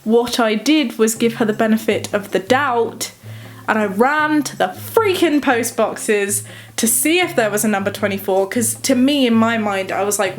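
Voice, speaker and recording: A woman's voice: a little high, moderate pace. A young woman, telling a personal story on her vlog and acting out the dialogue as she goes. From England. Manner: animated retelling, acting out dialogue. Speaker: vlogger. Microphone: camera mic.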